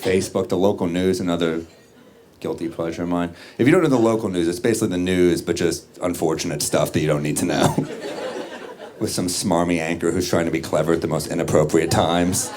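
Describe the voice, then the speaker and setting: A man doing a stand-up comedy set on a club stage, dry and deadpan, with quick asides, recorded live. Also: low voice. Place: comedy club stage before a laughing audience. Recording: live club recording, loud crowd laughter. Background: audience laughter and room ambience.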